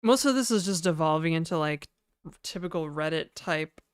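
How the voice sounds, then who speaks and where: Chatty woman streamer, smooth dry voice. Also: deep voice, lively intonation, normal speed, no echo. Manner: chatty, reads chat aloud, frequent fillers. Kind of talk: casual live-stream chat.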